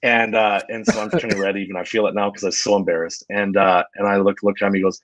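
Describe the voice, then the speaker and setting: A man guest telling motivational stories in a lively, casual interview. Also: fairly low pitch, fast, few pauses, no echo, poor audio. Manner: energetic, motivational, tells stories.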